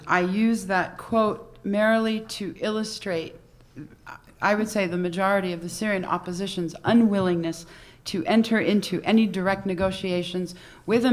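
A woman panelist answering an audience question in a measured, composed way. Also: mid-range voice. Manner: measured, composed, apologetic then factual. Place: conference hall.

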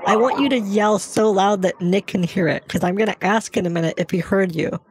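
A man's voice: high voice, fairly quick, breathy edge, no room sound. A man using a voice changer to play a bossy, scatterbrained young woman caller who keeps saying "like". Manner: rambling, bossy, full of "like". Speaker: scam baiter.

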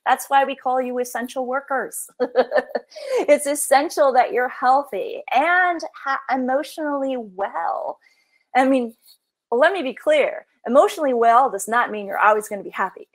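Leading a workshop, a middle-aged woman psychologist speaks in a voice on the high side. She keeps it casual and chatty, sprinkling in plenty of "you know" and "like."

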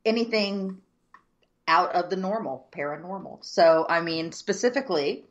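A woman from the southern United States with a very low voice, telling a story at an unhurried pace with plenty of ums. The audio is dull and lo-fi. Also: animated. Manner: measured, many ums, descriptive. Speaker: co-host. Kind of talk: casual chat, storytelling.

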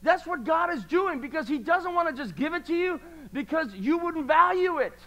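High-voiced, bright-toned male preacher. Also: lively intonation, moderate pace, muffled recording. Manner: passionate, repetitive preaching that swings from quiet to loud. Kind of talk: sermon. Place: church service.

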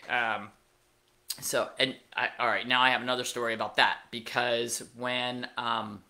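A woman's voice: very deep voice, flat delivery, measured pace, sharp tone. A middle-aged woman hosting a pet podcast, telling a casual story with wry asides and plenty of fillers. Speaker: veterinarian podcast host.

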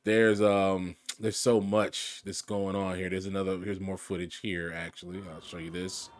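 A man's voice: low-pitched, little pitch movement, normal speed, a little hiss or hum. A man giving casual, chatty commentary over news footage, often repeating words as he talks. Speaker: video commentator.

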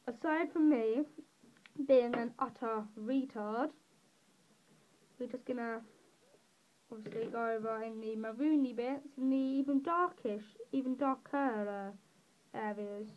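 English teen girl chatting over her colouring, slow, kinda rambly and self-mocking, muffled lo-fi mic. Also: on the high side, slight background noise. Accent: English, southeast England. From England. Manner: rambling, self-deprecating, giggly asides. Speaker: drawing tutorial creator. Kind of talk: casual voice-over while colouring.

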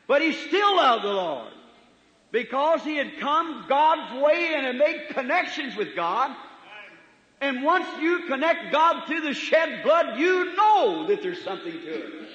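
High-pitched folksy preacher, echoey old tape. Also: male voice, big pitch swings, measured pace. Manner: folksy preaching, swings from loud to soft. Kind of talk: sermon. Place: church hall. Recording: echoey hall, dull 1950s tape recording.

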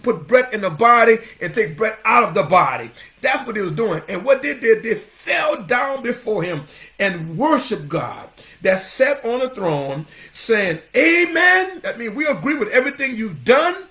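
A male pastor delivering a fervent sermon in a high, lively voice that swoops up and down from line to line. He keeps calling out members of the congregation by name as he preaches.

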